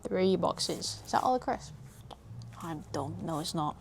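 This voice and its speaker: A woman's voice: fairly low pitch, lively intonation, unhurried, creaky, a little hiss or hum. Chatty British woman in her twenties. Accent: British English. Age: 20s. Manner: chatty, easily distracted, swears casually, coos at her dog. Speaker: vlogger, small business owner. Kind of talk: casual vlog chat. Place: small home office indoors.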